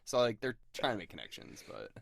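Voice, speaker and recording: A man co-hosting a podcast, chatting casually about a film with plenty of "like" fillers and animated jumps in pitch. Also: fairly quick, vocal fry, no room sound. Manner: lots of "like" fillers, animated, leaps up in pitch for quoted lines. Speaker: podcast co-host. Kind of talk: casual film review chat.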